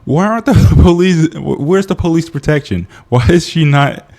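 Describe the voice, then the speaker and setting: A man's voice: on the high side, normal speed, creaky, a little mellow. A man giving a casual, comedic movie review, ranting in exasperation, often laughing and restarting his sentences.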